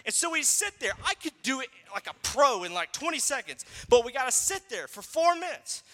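A pastor in his thirties preaches conversationally, telling stories with lively acted-out voices. His voice is unusually high and very bright. It rings with the long reverb of a large hall. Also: brisk. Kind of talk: sermon.

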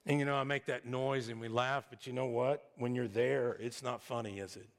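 A man's voice: mid-range voice, fairly even intonation, fairly quick. A male pastor preaching a sermon in a church, conversational with joking asides. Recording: long hall reverb.

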